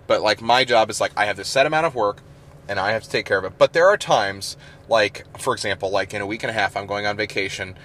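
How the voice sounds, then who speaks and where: A podcast co-host rambles through a casual chat full of fillers and laughs. His voice is fairly low, bright, and forceful, and he talks fast.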